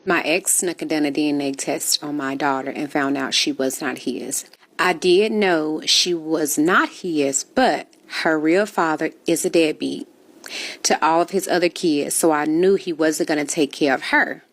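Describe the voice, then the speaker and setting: A woman reads out a personal confession story in a flat, matter-of-fact manner. Her voice sits a little low for a woman. She keeps the telling plain and unhurried. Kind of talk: reading a written confession story.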